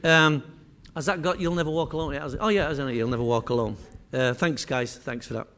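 A man's voice: fairly high pitch, steady tone, brisk, a bit bright. A man from Manchester with a Mancunian accent, giving a jokey, chatty presentation and teasing the people in the room. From Manchester, England. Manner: chatty, teasing, addresses audience directly. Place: meeting room with small audience.

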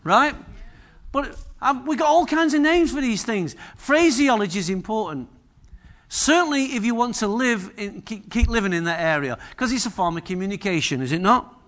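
Bright sharp-toned manc preacher guy, jokey sermon, keeps asking the congregation stuff. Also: high-pitched, expressive, normal speed. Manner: humorous, chatty, asks the congregation questions.

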